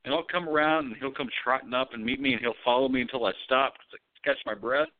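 A man co-hosting a podcast, telling stories in a loose, profane, animated way. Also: mid-range voice, fast talker. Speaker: podcast co-host. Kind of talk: casual chat. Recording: tinny phone-like audio.

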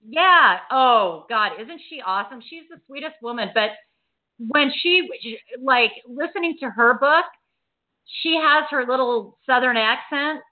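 A woman hosts an interview with bubbly enthusiasm, reacting warmly and asking the guest for stories. Her voice sits high and moves a lot in pitch. Everything comes through a narrow, phone-like band. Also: animated, measured pace. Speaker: interview host. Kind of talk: casual interview chat. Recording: tinny phone-line sound.

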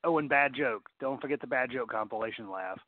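A man co-hosting a podcast, bantering casually with a giggly, animated manner. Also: mid-range voice, brisk, no echo. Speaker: podcast co-host. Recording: dry, tinny phone-like line.

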